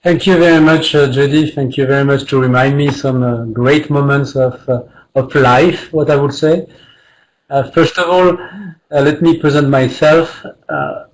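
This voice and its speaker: Brief: French-accented male presenter, halting, restarts often, mid pitch, faint hiss behind. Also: low-quality recording. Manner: halting, frequent fillers and restarts. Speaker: guest presenter. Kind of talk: webinar presentation.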